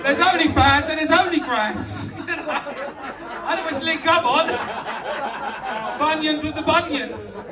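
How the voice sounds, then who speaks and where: Very high-voiced compere. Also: male voice, slow pace, recorded from a distance. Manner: cheeky crowd banter, introduces acts. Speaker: comedy night compere. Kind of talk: stand-up compering. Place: small comedy club. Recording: echoey club room, mic heard from afar, loud crowd. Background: audience laughing.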